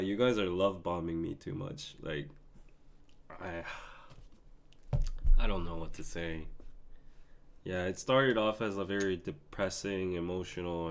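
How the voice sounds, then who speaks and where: A Korean man in his 30s, a podcast host, is running a live stream and talking emotionally to his chat, laughing and pleading with them. His voice sits low, with a little hiss or hum in the audio.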